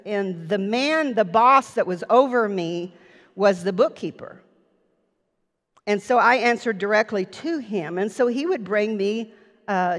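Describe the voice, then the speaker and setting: A woman preacher telling a personal story in an earnest sermon, recorded in a church sanctuary. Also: mid-range voice. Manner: personal anecdote, earnest, slow. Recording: long reverb of a church hall.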